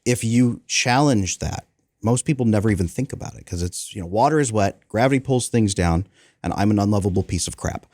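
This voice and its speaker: A man's voice: lowish voice, fairly quick, dry recording, clean studio sound. A man in his thirties, a guest on an interview show, explaining emphatically and with energy. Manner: emphatic, energetic, acts out quoted dialogue. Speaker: guest, attachment coach. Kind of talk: animated explanatory interview talk.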